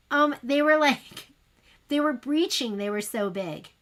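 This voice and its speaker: A woman's voice: on the high side, unhurried, a bit bright. A woman hosting a sewing livestream, chatting casually and rambling while she demonstrates. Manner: chatty, rambling, self-deprecating. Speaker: sewing shop livestream host.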